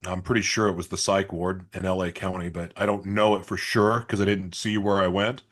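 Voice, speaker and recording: A man's voice: low voice, level tone, brisk. A man guest in an interview, telling his story candidly and confessionally, swearing at times.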